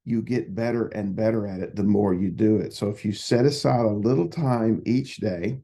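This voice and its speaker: A man's voice: lowish voice, moderate pace, warm tone. A man who works as a psychotherapist, giving folksy, casual advice and telling stories. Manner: folksy, repetitive, storytelling.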